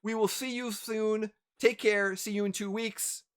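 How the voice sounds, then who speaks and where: A man's voice: sits high, measured pace, clean tone. A man who hosts and narrates a tabletop game stream, talking with lots of fillers and plugs. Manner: animated, promotional, rambling fillers. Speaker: game master and host.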